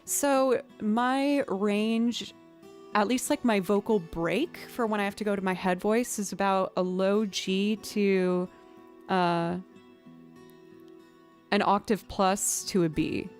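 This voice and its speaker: Female music streamer, casual chat, mid pitch, faint music bed. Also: fairly even intonation, slow pace. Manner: chatty, thanks viewers, frequent fillers.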